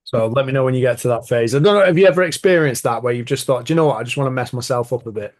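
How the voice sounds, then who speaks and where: Guy hosting a podcast, rambly easygoing storyteller, mid-pitched voice. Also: rapid-fire. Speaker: podcast host. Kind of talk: casual podcast chat.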